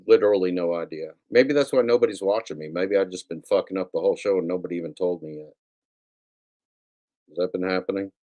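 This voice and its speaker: Talking quickly into his livestream from a home computer setup, a man with a slightly low, somewhat mellow voice rambles unscripted. He swears freely and loops back over the same lines with self-mocking humor.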